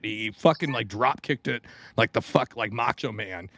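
A man's voice: on the low side, brisk, vocal fry, a bit bright, no room sound, studio quality. A man hosting a podcast in casual chat, telling rambling stories full of swearing. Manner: profane, rambling storyteller. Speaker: podcast host.

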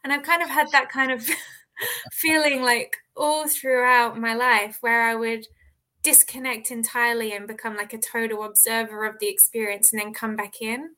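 A woman's voice: on the high side, flat delivery, moderate pace, sharp tone. A young Australian woman, an author being interviewed, who talks in a bubbly way and laughs often. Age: young adult. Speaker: author and guest. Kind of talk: casual interview.

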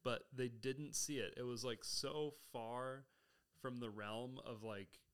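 Smooth-voiced man musing casually. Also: mid-range voice, steady tone, slow pace. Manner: laughs often, muses aloud, talks in fragments. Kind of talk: casual chat.

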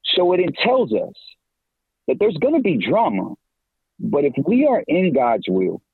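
Middle-aged male evangelist guest, slangy and animated; husky, dry and tinny like a phone. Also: dry recording. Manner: animated, slangy, pitch leaps when excited. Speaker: podcast guest, evangelist and campus minister. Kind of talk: casual faith talk.

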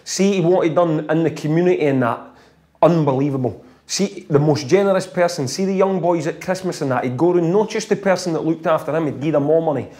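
Chatty Scottish former footballer, quick laughs. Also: male voice, on the high side. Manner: animated, laughs often while telling stories. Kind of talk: casual storytelling chat.

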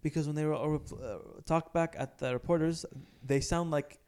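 A man's voice: fairly high pitch, steady tone, moderate pace, darkish tone, smooth. A man in casual, bantering sports chat on a podcast, laughing often and putting on mock voices. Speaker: podcast co-host.

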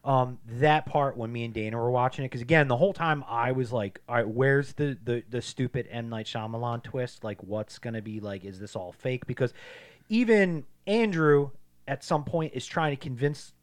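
A man's voice: medium pitch, normal speed. A man co-hosting a podcast, chatting casually about a movie and acting out scenes in quoted voices. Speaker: podcast co-host.

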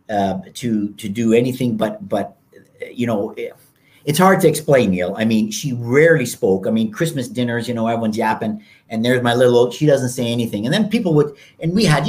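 A man in his fifties, a podcast guest, telling stories and acting out quoted people in raised voices. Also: medium pitch. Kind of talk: storytelling interview talk.

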